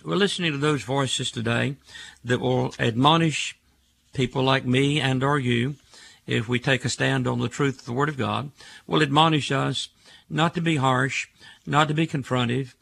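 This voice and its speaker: Gravelly older man preaching on radio. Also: mid-range voice, steady tone, moderate pace, a bit bright. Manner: emphatic, stacks words in rhythmic lists. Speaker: radio talk show host and preacher. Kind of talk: preaching call-in radio talk.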